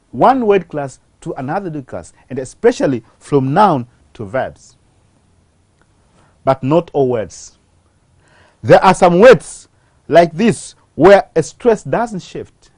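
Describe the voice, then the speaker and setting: A teacher giving a slow, deliberate televised English grammar lesson, posing questions to the class and answering them. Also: medium pitch, a little mellow, dry recording.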